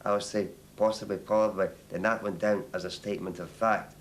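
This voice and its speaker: An older man from Northern Ireland giving documentary testimony, halting and repeating words as he recalls. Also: fairly low pitch, fairly even intonation, slight background noise. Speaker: interviewee.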